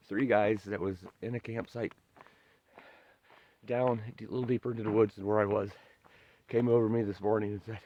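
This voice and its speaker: Male hiker vlogger, lowish voice, earnest and emotional, casual trail talk outdoors. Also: steady tone, a little fast, pauses often, darkish tone, muffled recording.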